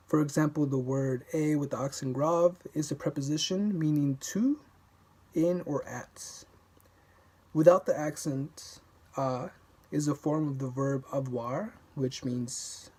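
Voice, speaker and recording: A man's voice: medium pitch, mellow, husky. A man reading a language textbook aloud for self-study, repeating words over and over to practice them and often stumbling and restarting his sentences.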